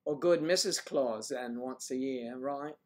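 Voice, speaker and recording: A man's voice: medium pitch, measured pace. Joking man chatting on a livestream. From Washington DC area, USA. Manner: joking, chatty, teasing the audience. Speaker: livestream host reading chat. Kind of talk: casual livestream chat.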